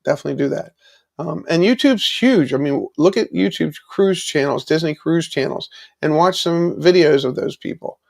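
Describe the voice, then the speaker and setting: A man's voice: on the high side, moderate pace, gravelly. A man hosting a live stream, chatting casually with viewers, with many fillers and restarts. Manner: reads and answers viewer chat.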